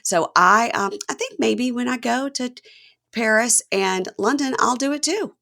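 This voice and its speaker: A woman's voice: a little high, a little slow, vocal fry, pushed and bright. A woman hosting a podcast, chatty and laughing as she shares family stories. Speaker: podcast host. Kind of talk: casual podcast chat.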